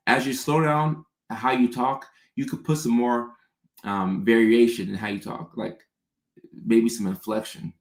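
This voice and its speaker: A man's voice: mid-range voice, roomy sound. A man hosting a casual livestream, chatting as he reads out viewer questions and answers them.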